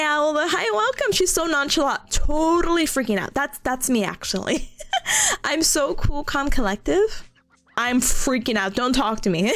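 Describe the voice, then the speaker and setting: A woman in her twenties, a study streamer, chatting casually and telling a story in an animated way, often breaking into laughter and poking fun at herself. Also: high voice.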